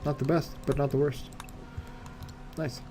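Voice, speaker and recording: A man's voice: fairly high pitch, flat delivery, unhurried, warm tone, soft background music. A man streaming a game live, muttering to himself in casual commentary full of wry asides and rhetorical questions.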